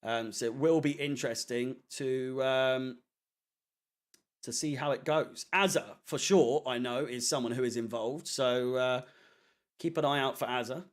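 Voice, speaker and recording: Talking a little slowly in a medium-pitched voice, this man runs a casual watchalong livestream for a fan channel. He reads comments and rambles through them, using fillers and swearing now and then.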